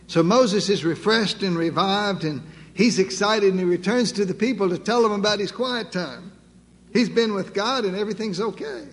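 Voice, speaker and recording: A man preaching a sermon, emphatic and building through repeated phrases and pauses. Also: high-pitched. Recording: long reverb, faint background noise.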